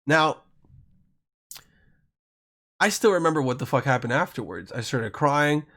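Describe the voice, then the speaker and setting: This European podcast host has a mid-range voice with lively intonation, an unhurried pace and a slightly bright sound. His casual monologue is a crude, wandering story packed with swearing and self-interruptions.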